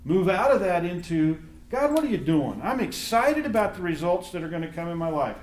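A man's voice: high voice, fairly quick. Man teaching a Bible class, echoey room. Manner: animated storytelling, acts out voices in anecdotes.

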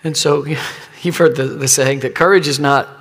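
A middle-aged man preaching a sermon as pastor, telling a personal story and dropping at times into hushed, near-whispered asides. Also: on the high side, fairly even intonation, normal speed.

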